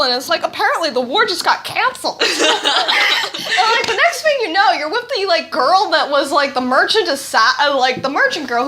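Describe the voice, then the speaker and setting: A woman's voice: sits high, pushed and bright, a little hiss or hum. A young woman rambling through a joking, sarcastic retelling, often laughing, recorded on a phone. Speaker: storyteller.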